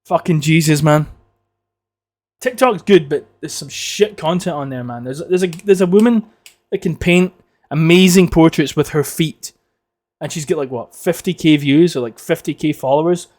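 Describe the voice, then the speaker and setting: A man rambling through a casual solo podcast, swearing freely and ranting with a joking edge. His voice sits a little higher than most men's. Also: normal speed, a little mellow. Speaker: podcast host.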